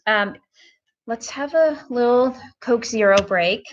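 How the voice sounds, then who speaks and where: A woman's voice: fairly high pitch, takes it slowly, slight background noise. Woman streamer, chatty tutorial host, talks straight to viewers, a bit dull lo-fi sound. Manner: chatty, filler-heavy, talks to viewers as "guys". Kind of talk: casual live-stream hair tutorial.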